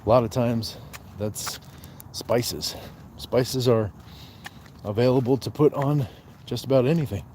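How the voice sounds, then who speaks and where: A man's voice: medium pitch, unhurried, long pauses, dark tone, a little hiss or hum. A man hosting a casual livestream. He jokes, greets viewers by name, reads out chat comments and counts his push-ups aloud. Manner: joking, talks to viewers by name. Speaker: livestream host.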